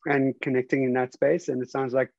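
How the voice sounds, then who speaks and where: Man hosting, flat even delivery, rambling, dry muffled call sound. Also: mid-range voice, vocal fry, dry recording. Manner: rambling and halting, many fillers and restarts. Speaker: interview host.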